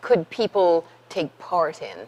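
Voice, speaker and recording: A woman's voice: fairly low pitch, slow pace, highs cut off. A woman hosting a literary TV show, introducing and questioning a guest in a friendly way. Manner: friendly, expressive interviewer. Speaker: TV host. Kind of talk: interview. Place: community TV studio.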